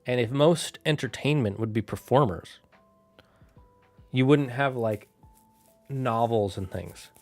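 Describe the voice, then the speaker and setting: Man, live streamer, casual rambling chat, thinks out loud, dry close sound, faint music behind. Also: medium pitch, no echo. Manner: musing aloud, thinks out loud with quick asides. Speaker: streamer running a worldbuilding chat.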